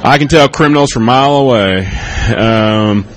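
A man's voice: mid-range voice, normal speed, some chatter behind. A middle-aged American man who used to be a police officer, giving a casual, rambling conference talk and taking audience questions, often adding "okay?". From United States. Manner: casual, rambling, frequent "okay?" and "you know".

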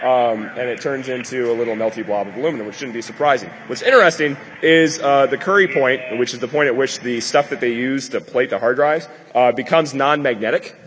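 A man's voice: mid-range voice, a little fast, few pauses, a bit bright, breathy edge. Guy rambling through a conference talk, lots of ums, cracking jokes, long hall echo. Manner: rambling, filler-heavy, joking. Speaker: conference speaker. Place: lecture hall with an audience.

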